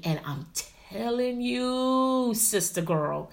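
Speaking at an unhurried pace in a mid-range voice, this middle-aged vlogger spins a story for her audience in a lively, conversational way. She keeps addressing them as honey and y'all, and her volume jumps from loud bursts down to hushed asides.

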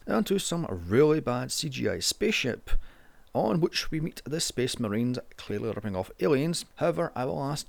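A man's voice: medium pitch, gravelly. A man narrating a casual movie review in a sarcastic, sweary way.

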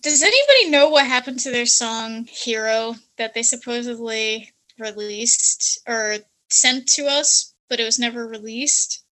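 Bright-voiced woman, eager podcast guest. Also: on the high side, expressive, a little slow, hardly any pauses, rough recording. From Russia. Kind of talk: casual podcast chat.

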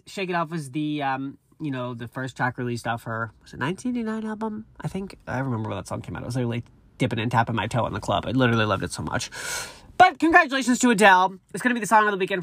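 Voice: medium pitch, bright, forceful tone, no echo, clean studio sound. A speaker in their thirties reading celebrity news aloud with chatty, gushing side comments. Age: 30s. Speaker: entertainment news vlogger.

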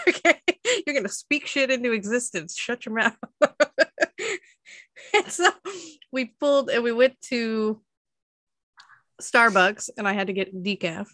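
Chatty young woman, bright dry voice. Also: fairly high pitch, lively intonation, a little slow, long pauses, no echo. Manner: chatty storytelling, laughs often, many fillers. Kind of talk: casual chat.

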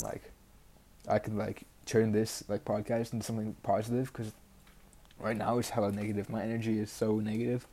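Hosting a podcast by himself, a teen guy rambles in a blunt, casual way, sounding frustrated and saying "like" constantly. He has a warm voice on the low side.

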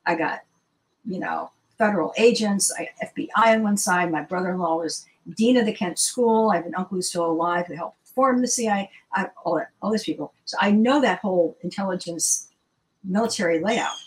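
Animated woman telling a story. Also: lowish voice, fairly quick, low-quality recording. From Washington, D.C. area. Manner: animated, rhetorical questions, emphatic. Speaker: interview guest, surgeon. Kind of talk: casual storytelling interview.

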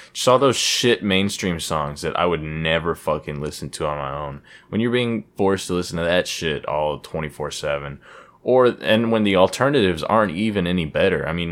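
A young man with a low voice chats on his own podcast in a loose, rambling way. He swears freely and pokes fun at himself as he goes. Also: fairly bright tone. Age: young adult. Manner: rambling, profane, self-deprecating. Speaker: podcast host. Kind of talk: casual solo podcast chat.

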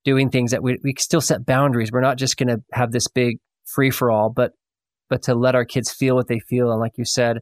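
A man's voice: medium pitch, level tone, a little fast, no echo. A man hosting a podcast interview, talking in a reflective, affirming way with many fillers. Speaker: podcast host.

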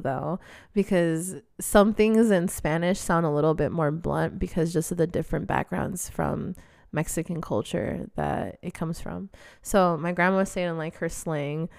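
A woman's voice: lowish voice, clean tone, no room sound, studio quality. Candid, foul-mouthed young woman storyteller. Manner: candid, profane, laughs often. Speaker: vlogger. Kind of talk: casual storytelling monologue.

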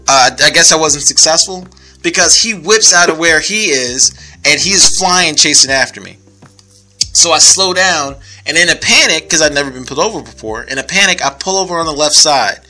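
A young man in casual podcast conversation, telling a story with laughs and acted-out voices. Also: on the high side. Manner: animated storyteller, laughs often, acts out voices.

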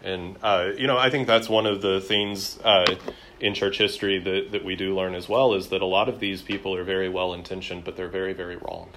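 A man's voice: sits low, little pitch movement, fairly quick, fairly bright tone, slight background noise. A man teaching a church history class in a conversational lecture, with frequent fillers and repeated words.

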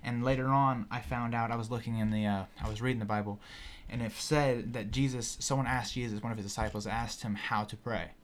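A young man telling a wild personal story in casual podcast talk, animated and profane, with lots of "you know" and "like". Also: mid-range voice, a little fast, slight background noise. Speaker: podcast guest.

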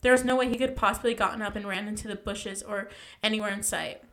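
A woman's voice: mid-range voice, fairly even intonation, quick pace, fairly bright tone. A young woman casually reading a ghost story aloud, stumbling and correcting herself as she goes.

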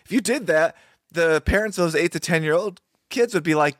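A man's voice: a little high, fairly quick, a bit bright, no room sound, studio quality. A man in a casual discussion over a video call, emphatic and indignant. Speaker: podcast co-host.

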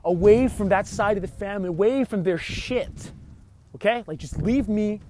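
A man's voice: high-pitched, moderate pace, noisy background. A young man telling a frustrated story in a rambling, casual way, swearing often and filling his speech with "like.".

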